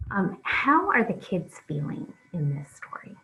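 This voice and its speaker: A woman teaching an early reading lesson, reading aloud slowly and patiently for young children to follow along. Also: lowish voice, sing-song, vocal fry, pushed and bright, soft background music, poor audio.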